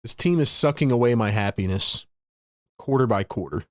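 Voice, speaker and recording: A man with a medium-pitched, animated voice speaks at a moderate pace, recorded clean in a studio with no room sound. He's a live-stream sports commentator calling basketball play-by-play, frustrated and exasperated with his team as he chats to viewers.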